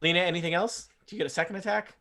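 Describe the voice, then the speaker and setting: A man's voice: sits high, fairly even intonation, racing, bright, forceful tone. A man running a tabletop game as game master, joking and poking fun at himself. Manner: joking, self-mocking. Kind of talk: casual tabletop game chat.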